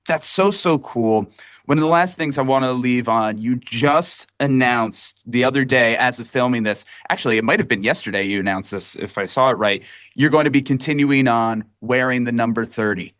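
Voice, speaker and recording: A man's voice: mid-range voice, normal speed, a bit bright, no echo. A man hosting a casual interview podcast, enthusiastic and friendly, calling his guest "dude". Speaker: podcast host.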